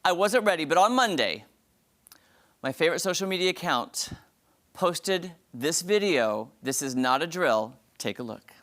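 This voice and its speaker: A man hosting an entertainment review segment on a morning TV show, talking in a gushing, dramatic, excited way. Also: a little high, moderate pace.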